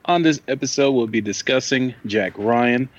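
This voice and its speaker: A man hosting a casual movie podcast with friends, loose and quick to laugh. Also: mid-range voice, highs cut off, background noise. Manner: giggly, loose, laughs often. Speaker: podcast host. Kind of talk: casual chat.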